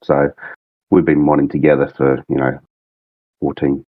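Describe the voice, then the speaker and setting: Deep-voiced Australian man, laid-back. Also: completely flat delivery, moderate pace, no echo, phone-quality sound. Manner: rambling, laid-back storytelling. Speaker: guest, game mod creative director. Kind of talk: casual podcast chat.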